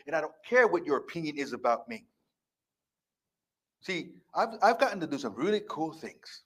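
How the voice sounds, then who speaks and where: A man's voice: on the high side, fairly bright tone, breathy edge. A man in his fifties giving a motivational speech as a life coach before a live audience, emphatic, repetitive and defiant. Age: 50s.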